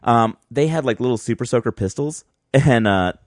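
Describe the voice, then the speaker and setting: A man from California tells a story on a podcast, laughing often and acting out the voices of the people in it. His pitch swoops widely, and the recording is close and dry. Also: expressive, moderate pace, dry recording. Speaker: podcast host. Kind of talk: casual chat, storytelling.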